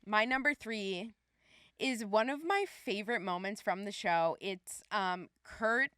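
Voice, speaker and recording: A woman's voice: mid-range voice, unhurried, fairly bright tone, clean tone, no room sound. Enthusiastic young woman, dry close voice. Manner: enthusiastic, sings snatches of songs, swears. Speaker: podcast co-host. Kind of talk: casual chat.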